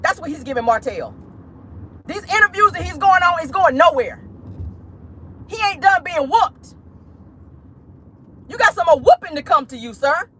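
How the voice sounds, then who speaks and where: A woman's voice: extremely high pitch, sing-song, fairly quick, slight background noise. A woman giving casual pop-culture commentary on her vlog, emphatic and preachy, with frequent profanity. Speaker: commentary vlogger.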